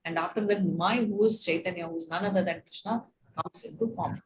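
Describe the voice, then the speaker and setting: A woman's voice: lowish voice, quick pace. A woman telling a devotional story, chatty and full of fillers, often checking in with "right?". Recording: noisy room recording.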